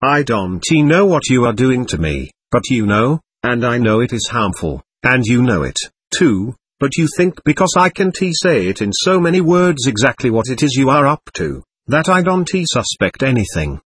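A man reading the lines of a timid but blunt young woman in an audiobook, in a halting, stubborn way. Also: mid-range voice, sing-song, fairly bright tone, husky. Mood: accusing.

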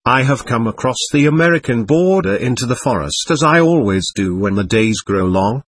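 A man narrating a book in a measured, reflective reading style. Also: mid-range voice, expressive, slightly rough, no room sound. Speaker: audiobook narrator. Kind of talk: scripted narration.

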